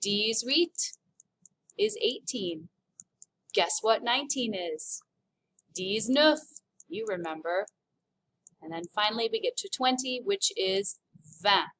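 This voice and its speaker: A woman teaching a recorded French lesson, talking in a clear, encouraging way with small jokes. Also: medium pitch, animated, slow, long pauses, fairly bright tone, a little hiss or hum, low-quality recording.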